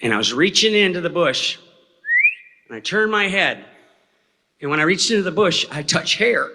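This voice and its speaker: A man's voice: high-pitched, lively intonation, moderate pace, background noise. A man telling a story to a live audience in a folksy, rambling way, often checking in with "okay?". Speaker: eyewitness speaker at a talk. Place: hall before an audience. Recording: reverberant hall sound.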